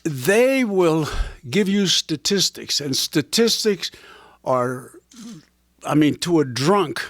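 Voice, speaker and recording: Old guy telling ballpark stories, gravelly and rambling, dry close sound. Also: a little high, animated, slow pace, fairly bright tone, dry recording. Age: older. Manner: rambling anecdotal storyteller with punchlines. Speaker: former catcher and broadcaster telling stories. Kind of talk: casual storytelling to a small audience.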